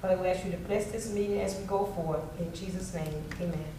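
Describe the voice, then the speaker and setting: A woman's voice: lowish voice, steady tone, quick pace, background noise. A woman giving an opening prayer at a city meeting, fervent, repeating "oh God". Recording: distant, very echoey chamber.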